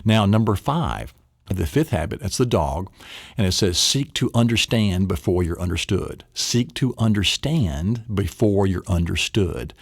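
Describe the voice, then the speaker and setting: Teaching a memory technique, a middle-aged man plays around and acts out little scenes in silly voices. He's a memory trainer whose low, creaky, slightly rough voice has lively intonation and a measured pace, recorded cleanly in a studio with no room sound.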